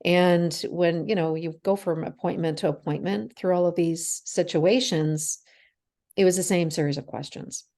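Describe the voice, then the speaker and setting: A woman's voice: lowish voice, fairly even intonation, normal speed, mellow. A woman in her forties, a guest in an interview, telling a candid personal story and acting out the dialogue, laughing through hard memories. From Canada.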